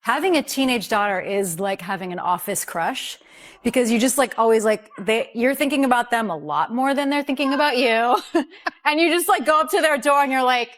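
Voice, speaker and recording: A woman's voice: a little high, lively intonation, brisk, fairly bright tone. Chatty woman telling a joke with fillers. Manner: chatty, laughing, lots of fillers. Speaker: talk show guest. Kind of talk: talk show banter.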